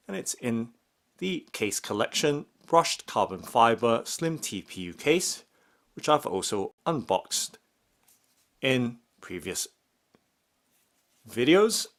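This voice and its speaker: A man narrating an unboxing and demonstration step by step, in a slow and methodical way. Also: medium pitch, fairly bright tone. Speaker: product reviewer.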